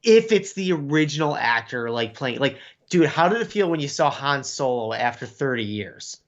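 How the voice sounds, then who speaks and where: A man chats as a guest on a livestream, laid-back and slangy in his phrasing. His mid-pitched voice comes through on a dull, lo-fi line. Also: sing-song, moderate pace. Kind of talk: casual livestream chat.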